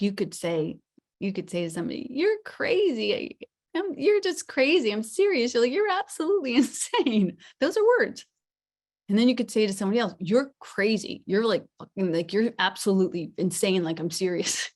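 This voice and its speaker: Lower-voiced woman preaching conversationally. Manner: conversational, animated, acts out quoted voices. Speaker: minister. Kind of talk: sermon.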